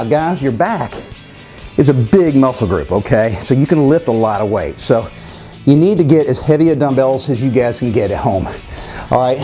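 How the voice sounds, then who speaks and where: Fitness coach, male, mid-pitched, direct and upbeat delivery, light music underneath. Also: warm tone. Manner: direct, addresses viewers as guys, counts reps aloud. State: winded while exercising. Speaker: fitness trainer. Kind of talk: workout instruction.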